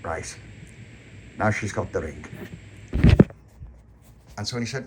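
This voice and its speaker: A man's voice: on the low side, animated, takes it slowly, background noise. A man improvising a story with toys, casual and chuckling, with frequent restarts.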